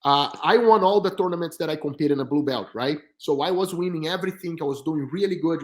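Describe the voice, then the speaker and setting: A man telling stories as a podcast guest in an animated, chatty way, with slightly non-native grammar. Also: a little high. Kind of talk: storytelling in casual chat. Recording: roomy echo.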